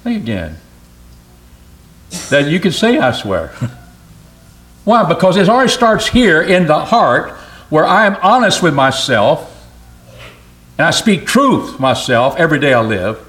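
A man's voice: high-pitched, fairly bright tone. Earnest man preaching a sermon. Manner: earnest, emphatic, repeats phrases.

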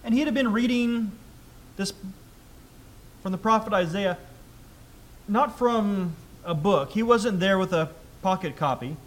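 High-voiced male preacher. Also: a little slow, pauses often. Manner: conversational, with rhetorical questions; reads scripture aloud louder. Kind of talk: sermon.

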